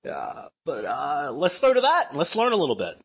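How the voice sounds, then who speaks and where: A man's voice: on the high side, huge pitch swings, moderate pace, gravelly, breathy edge, muffled recording. A man co-hosting a sports podcast, playful and sarcastic. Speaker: podcast co-host. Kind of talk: casual sports chat.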